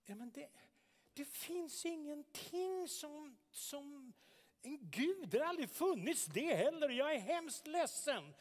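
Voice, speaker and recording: A man's voice: extremely high pitch, animated, takes it slowly, long reverb tail, heavily acted. An actor in a radio drama playing a defiant young man in a heated, scornful family argument. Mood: arguing. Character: defiant young man arguing with his father.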